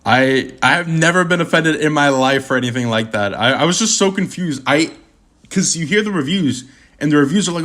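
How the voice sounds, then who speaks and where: A young man of Puerto Rican heritage chatting casually on a livestream, rambling and animated, with constant stammering restarts and slang. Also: a little high, fairly quick. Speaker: streamer answering chat.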